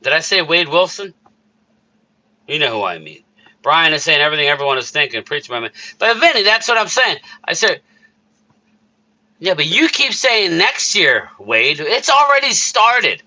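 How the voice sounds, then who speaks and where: Man, high voice, very bright tone, heated casual sports rant, live-stream host. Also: big pitch swings. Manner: heated, worked-up ranting with quick asides to chat. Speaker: streamer host reading chat.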